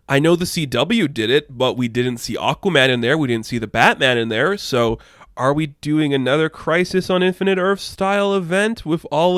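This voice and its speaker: A man giving casual, rambling commentary, chatty and quick to laugh. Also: medium pitch, a bit bright, no room sound, studio quality. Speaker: pop culture commentator.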